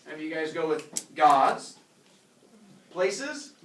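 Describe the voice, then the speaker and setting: A man with a fairly high voice stretches out his words while teaching a classroom lecture, joking and acting out voices as he explains. The audio is roomy and distant, as if captured from far back in the classroom, with slight background noise.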